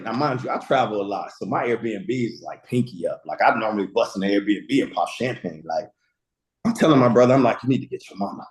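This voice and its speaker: Animated storytelling man, echoey room. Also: medium pitch. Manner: storytelling with slang, acts out quotes. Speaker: guest speaker. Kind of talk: animated motivational talk.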